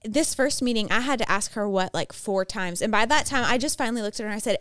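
A woman's voice: fairly high pitch, fast, few pauses, fairly bright tone, clear, resonant tone, dry recording. A tired woman from Texas, telling stories in a chatty, giggly way as a podcast co-host. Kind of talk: casual chat.

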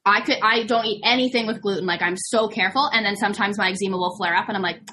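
A woman's voice: medium pitch, fast talker, bright, forceful tone. A woman in casual conversation, chatty and candid, leaning on "like" and laughing easily.

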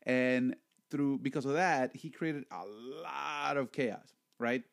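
A man hosting a casual podcast chat. He is jokey and animated, and he often repeats his words. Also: mid-range voice, slow pace, vocal fry. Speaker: podcast host.

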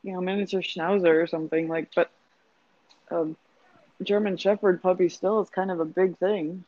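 A woman's voice: on the low side, fairly even intonation, normal speed, darkish tone, no room sound. A woman co-hosting a casual podcast, asking wry questions and laughing easily. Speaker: podcast co-host. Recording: dull, lo-fi.

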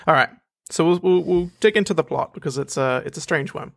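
A man co-hosting a casual film podcast, speaking in a measured, thoughtful way. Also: a little high, creaky. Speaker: podcast co-host.

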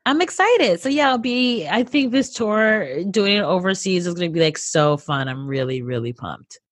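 A woman in her thirties from the United States, appearing as a comedian guest, chats in a casual interview. Her mid-range voice moves at a moderate pace with no echo, and she's animated and upbeat, using plenty of fillers.

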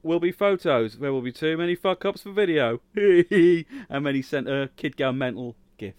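A man's voice: a little high, expressive, moderate pace, darkish tone, clear, resonant tone, no room sound. A man co-hosting a podcast in casual chat, bantering with dry joking asides. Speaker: podcast co-host.

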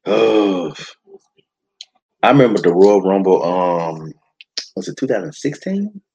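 A low, husky-voiced man calls a wrestling match as he watches it. He talks casually, then breaks into loud, high, excited shouts. The recording sounds dull and lo-fi. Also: takes it slowly. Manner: animated, casual slangy talk with sudden high excited shouts. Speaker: podcast host. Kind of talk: excited live wrestling watch-along commentary.

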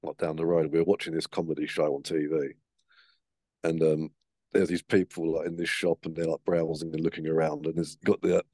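A man's voice: very deep voice, flat delivery, brisk, a little mellow, dry recording, clean studio sound. A man chatting casually on a podcast, swearing freely and acting out the voices in his stories. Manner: sweary, storytelling with acted-out voices. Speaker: podcast co-host. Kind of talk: casual chat.

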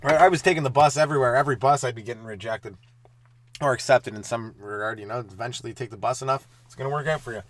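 A young man hosting a solo stand-up comedy podcast, talking in a loose, rambling, profane way with quick asides. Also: mid-range voice, a little hiss or hum.

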